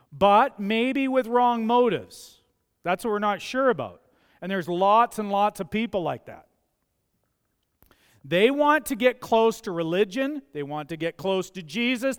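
A man's voice: high voice, smooth. A man preaching a sermon as pastor, talking conversationally with everyday stories and building emphasis on his key points. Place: church sanctuary. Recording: church livestream with long hall reverb.

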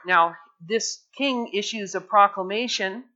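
A forceful preacher delivers an impassioned sermon and presses hard on key phrases. The voice rings with bright intensity. It comes through a dull, lo-fi recording. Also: mid-range voice, unhurried, pauses often. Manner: fervent, rising to emphatic exhortation. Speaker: pastor.

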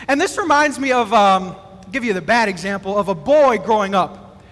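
A man from Wisconsin preaching a sermon as pastor, in an animated, conversational way. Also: high voice, moderate pace. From Wisconsin, USA. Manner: animated, conversational, acts out quotes. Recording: long reverb from a large hall.

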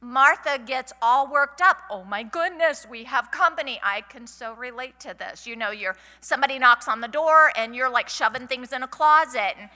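Middle-aged woman, folksy sermon, bright higher voice, reverberant hall. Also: moderate pace, hardly any pauses. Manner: chatty, folksy, asks the audience questions. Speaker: conference speaker. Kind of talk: women's conference sermon. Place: large hall. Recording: hall reverb from a live event.

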